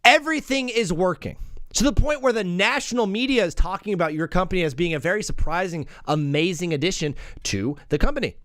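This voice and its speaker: A man hosting a live sports comedy call-in stream, bantering with callers in an energetic, joking, rambling way. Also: high voice, fairly quick, dry recording, studio quality.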